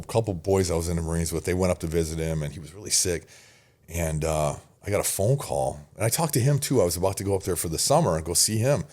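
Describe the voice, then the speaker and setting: A man's voice: sits low, a little mellow. A middle-aged man, a podcast guest, telling an emotional personal story in earnest, sometimes swearing and dropping almost to a whisper. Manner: emotional, earnest, swearing at times, drops to near-whisper in sad moments.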